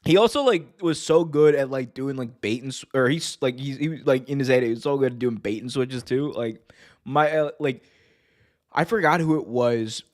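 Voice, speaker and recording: A man hosting a wrestling podcast in casual chat, excited and laughing, stumbling over restarts and shouting out commentators' famous lines. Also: mid-range voice, normal speed.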